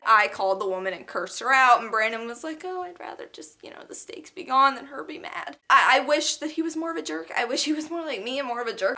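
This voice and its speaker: Young woman vlogger, bright voice, lively and indignant storytime. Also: on the high side. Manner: animated and indignant, full of "like". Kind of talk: storytime vlog.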